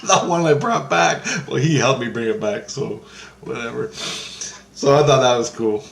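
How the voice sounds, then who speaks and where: A man's voice: medium pitch, unhurried, creaky. Man rambling through a vision, echoey room. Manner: meandering, restarts often, repeats phrases. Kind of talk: rambling first-person account of a spiritual vision.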